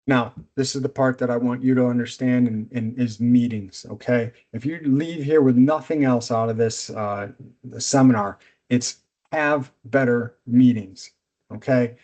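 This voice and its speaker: A middle-aged man presenting a business seminar as a coach, speaking in a direct, energetic, instructive way. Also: mid-range voice, measured pace.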